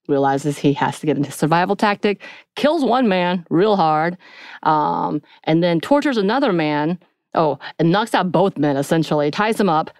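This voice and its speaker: Low smooth-voiced woman recapping. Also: darkish tone, no room sound. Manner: retells scenes, acting out character quotes. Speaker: podcast co-host. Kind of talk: casual episode recap.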